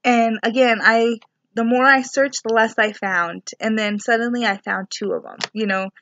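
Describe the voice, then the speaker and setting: Young woman rambling thru a story at home, bit high voice, dry dull sound, lots of like and you know. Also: fairly even intonation, normal speed, fairly bright tone, no room sound. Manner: chatty, rambling, full of fillers and asides. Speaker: spiritual vlogger, student. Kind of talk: casual storytelling to camera. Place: her apartment.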